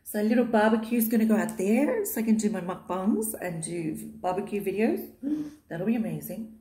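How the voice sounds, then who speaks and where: A woman's voice: mid-range voice, very animated, brisk, mellow. Gushing woman in an echoey room. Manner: gushing, affectionate, chatty with many fillers. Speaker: vlogger. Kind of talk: casual chat vlog. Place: living room of her new home.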